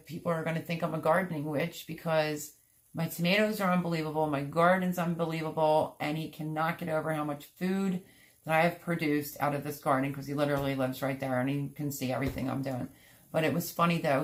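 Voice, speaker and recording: A middle-aged woman hosting a gardening livestream, chatting casually and rambling, sounding tired out. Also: sits low. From Pennsylvania. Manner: rambling, chatty, many fillers and restarts. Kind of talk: casual live-stream chat reading comments.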